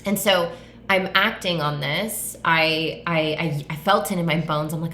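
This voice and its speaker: A woman hosting a solo podcast, rambling and effusive, with "like" peppered through every sentence and the odd casual curse. Her voice is bright and forceful, pitched a little low. The room around her rings with echo. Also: brisk, a little hiss or hum. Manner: rambling, effusive, heavy use of filler "like", swears casually. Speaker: podcast host, tattoo artist and coach. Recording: echoey room.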